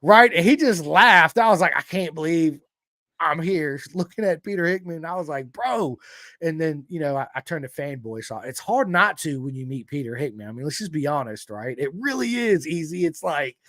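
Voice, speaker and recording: A man with an American country accent hosting a podcast, telling stories in an excitable, swearing, up-and-down way. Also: fairly high pitch, fairly quick, no echo, studio quality. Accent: American Southern country. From United States. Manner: excitable storyteller, swears freely, big swings in energy. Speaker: podcast host. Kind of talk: casual chat.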